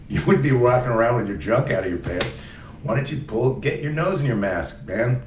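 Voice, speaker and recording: A man's voice: fairly low pitch, brisk, slight background noise. A man chatting casually to viewers in a rambling, jokey way, often breaking off mid-sentence. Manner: rambling, jokey, self-interrupting. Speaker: comedian doing a daily live stream. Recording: roomy sound, mic at a distance.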